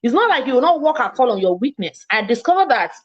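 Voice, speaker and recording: A woman from Nigeria with a Nigerian English accent, giving a fast, emphatic, self-assured online mentoring talk as a coach. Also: high-pitched, very animated, muffled recording. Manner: speaks fast, by her own account.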